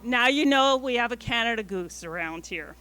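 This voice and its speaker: Woman, family class presenter, enthusiastic, high bright voice. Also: lively intonation, normal speed. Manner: enthusiastic, coaxing the audience to repeat. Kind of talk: leading a family class in bird calls.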